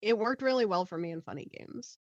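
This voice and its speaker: A woman's voice: mid-range voice, lively intonation, a little fast, no echo, muffled recording. A woman co-hosting a horror movie podcast in casual chat, laughing between points. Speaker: podcast co-host.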